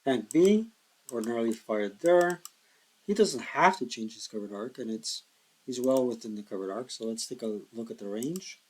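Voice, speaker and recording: A tired man thinking aloud in a slow mutter as he plays a board wargame solo, counting hexes and working out dice rolls. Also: medium pitch, expressive, a little mellow, rough recording. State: tired, yawning.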